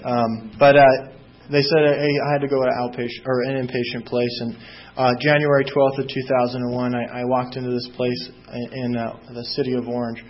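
A young man telling his own recovery story in a halting way, full of fillers and restarts. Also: mid-range voice. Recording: slightly dull lo-fi recording.

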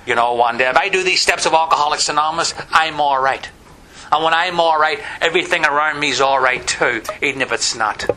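A man's voice: a little high, a little fast, bright, forceful tone, poor audio. Wry Northern Irish man telling his story. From Northern Ireland. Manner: wry storyteller, many "you know" fillers. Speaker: recovery meeting speaker. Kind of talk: personal testimony talk.

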